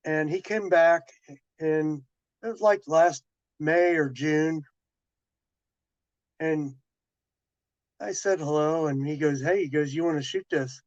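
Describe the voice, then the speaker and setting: A man's voice: on the high side, dry recording. A man casually chatting with viewers on a live stream, telling a rambling story full of restarts and quoted dialogue. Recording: dull lo-fi dry sound.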